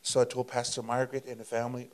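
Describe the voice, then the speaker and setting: Brief: male preacher, fervent testimony, halting and repetitive, average pitch. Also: completely flat delivery. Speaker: preacher, guest. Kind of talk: testimony storytelling.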